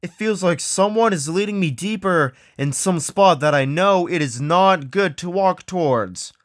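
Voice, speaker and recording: A man hosting an acted ghost hunt, excitable and often yelling out names. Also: high-pitched, a little slow, dry recording, studio quality.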